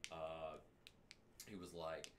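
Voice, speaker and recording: A man hosting a casual podcast chat, laid-back, laughing often and trailing off quietly. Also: rumbling low, level tone, takes it slowly, noisy background. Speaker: podcast host.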